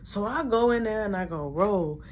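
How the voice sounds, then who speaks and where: Animated woman telling a storytime. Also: medium pitch, moderate pace, slight background noise. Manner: animated, drops to whispers, slangy retelling. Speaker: vlogger. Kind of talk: casual storytime.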